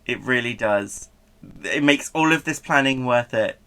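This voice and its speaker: A man talking unhurriedly to his stream chat, his voice strikingly bright and sharp. He keeps it playful and chatty, breaking into laughs as he reacts to viewers. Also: medium pitch, measured pace, clear, resonant tone. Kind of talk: casual live-stream chat.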